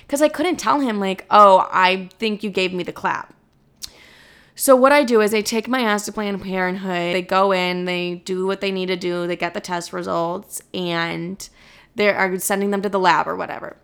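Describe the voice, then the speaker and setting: A young woman telling a personal story in a blunt, profane, animated way, acting out both sides of conversations. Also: mid-range voice, moderate pace, vocal fry, clear, resonant tone. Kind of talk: casual storytelling monologue.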